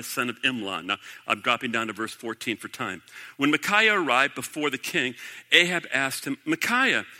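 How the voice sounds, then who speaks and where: A man's voice: fairly high pitch, pushed and bright, long reverb tail. A man preaching a sermon, reading scripture aloud and breaking off to comment, rising to emphatic declarations. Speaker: pastor.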